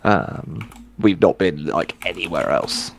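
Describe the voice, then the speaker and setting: A man's voice: low voice, expressive, slow, gravelly, slight background noise. A man playing in a tabletop game, chatting casually with a wry, joking manner. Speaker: player.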